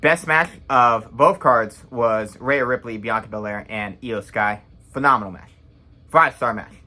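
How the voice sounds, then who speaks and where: Casting note: young man, bright forceful tone, blunt rambling reaction vlogger. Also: mid-range voice. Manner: blunt, rambling, quick to judge. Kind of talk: casual opinionated recap.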